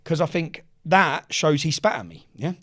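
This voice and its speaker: A man's voice: fairly high pitch, big pitch swings, normal speed, fairly bright tone. A man, a podcast guest telling stories casually, swearing freely and acting out what others said. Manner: swears freely, acts out quoted dialogue. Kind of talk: casual storytelling.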